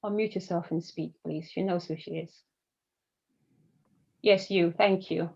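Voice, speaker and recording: Halting woman on dull call audio. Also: lowish voice, fairly even intonation, gravelly, a little mellow, slight background noise. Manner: halting, repeats her words. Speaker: author.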